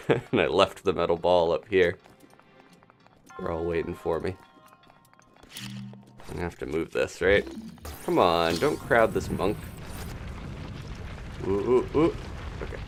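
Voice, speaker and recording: A man casually commentating his own gameplay on a live stream, chatting and thinking aloud with quick little laughs. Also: sits low, lively intonation, faint music behind. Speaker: gaming streamer.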